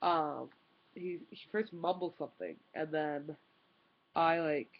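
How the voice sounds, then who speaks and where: A woman's voice: low-pitched, takes it slowly, lo-fi sound. A young woman vlogger telling a story in an exasperated, rambling way, full of "like" and restarts. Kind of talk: casual storytime rant.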